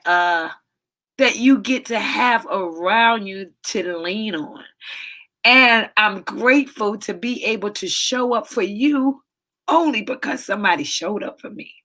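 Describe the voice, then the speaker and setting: A woman with a fairly high voice delivers an inspirational live talk as a soul coach. She is emotional and close to tears, and she keeps repeating phrases for emphasis in a preachy way. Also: sharp tone. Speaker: soul coach hosting a daily live show.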